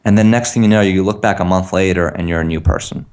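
A man's voice: low-pitched, fast talker, a little mellow. A man giving an earnest coaching talk on a call, acting out example phrases for listeners to repeat. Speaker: tapping practitioner, guest on a call.

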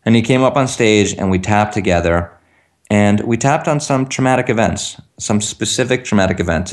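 A man with a very low voice coaches listeners on a call. He talks earnestly and acts out the sentences they could repeat. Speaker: tapping practitioner, guest on a call. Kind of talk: teaching talk on a call.

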